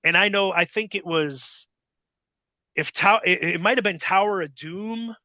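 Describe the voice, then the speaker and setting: A middle-aged man telling a story as a guest in a casual chat, profane and rambling, with animated retellings. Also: sits high, unhurried, no echo.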